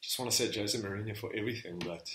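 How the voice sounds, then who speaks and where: Bright-voiced man in casual podcast banter. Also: on the low side, quick pace, reverberant, a little hiss or hum. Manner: bantering, laughs often. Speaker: podcast co-host. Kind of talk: casual quiz chat.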